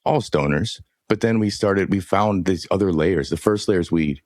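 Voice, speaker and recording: This man's voice is low and a little mellow, moving at a normal pace in a clean studio recording without echo. Hosting his podcast, he chats casually in a relaxed, slangy manner and drops "dude" often.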